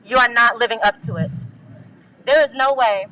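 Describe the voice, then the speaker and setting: A woman's voice: a little high, moderate pace, pushed and bright, slight background noise, low-quality recording. A young woman student giving an emphatic, rallying protest speech on a handheld mic at an outdoor gathering. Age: young adult.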